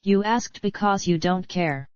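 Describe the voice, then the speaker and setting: A woman voicing a young cyborg girl who pleads with her captor, read slowly from a screenplay. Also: on the low side, smooth, no room sound, close to an everyday voice. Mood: pleading. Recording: dull lo-fi dry recording.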